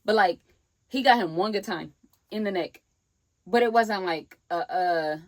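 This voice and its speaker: A young woman, telling a storytime vlog in a lively way and acting out the people she quotes. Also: mid-range voice, moderate pace, dry recording. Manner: animated storytelling, acts out quoted voices. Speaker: vlogger.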